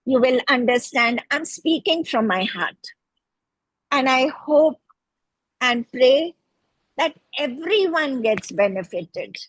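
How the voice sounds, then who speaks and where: A middle-aged woman with an Indian English accent speaks a heartfelt testimonial with devotional fervor. Her voice is husky and a little breathy, pitched somewhat high, and she talks very slowly. The sound is dry and close. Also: animated, fairly bright tone, no room sound, low-quality recording. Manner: fervent, grateful, devotional. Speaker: healing student giving a testimonial. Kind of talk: spoken testimonial.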